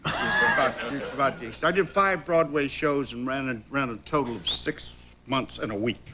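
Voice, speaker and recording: A man in his sixties, an actor guest telling animated stories with chuckles on a talk show. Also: mid-range voice, moderate pace, heavy background noise.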